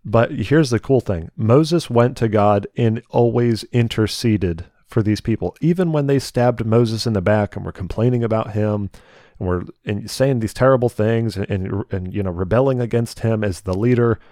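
A young man giving a conversational Bible teaching, retelling scripture stories in a lively, chatty way. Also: lowish voice, moderate pace, no room sound, clean studio sound. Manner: conversational, animated retelling with voiced asides. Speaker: preacher.

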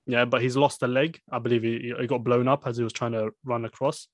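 A man's voice: medium pitch, flat delivery, fairly quick, no echo. A man casually discussing a film with a friend, rambling with many fillers and restarts.

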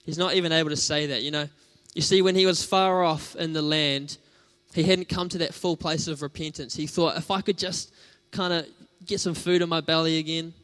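A man's voice: on the high side, fairly even intonation, brisk, hardly any pauses, fairly bright tone, smooth. A man preaching a sermon in a conversational, storytelling way, with casual fillers.

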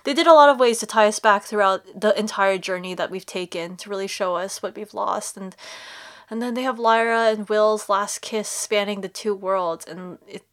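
A woman's voice: medium pitch, moderate pace, a bit bright. Woman co-host, casual recap talk, emotional and blunt, swears freely. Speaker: podcast co-host. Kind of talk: casual chat recapping a series.

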